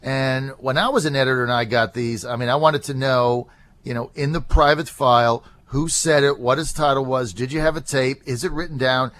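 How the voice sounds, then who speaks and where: A man's voice: mid-range voice, fairly even intonation, normal speed, a bit bright. A man hosting a talk radio show, talking in a rambling, conversational way with many fillers.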